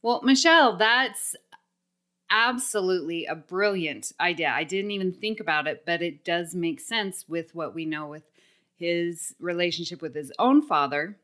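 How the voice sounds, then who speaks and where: A woman's voice: fairly low pitch, normal speed, fairly bright tone. Upbeat woman hosting a podcast. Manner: upbeat, laughs often, reads listener mail. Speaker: podcast host. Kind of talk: casual podcast chat.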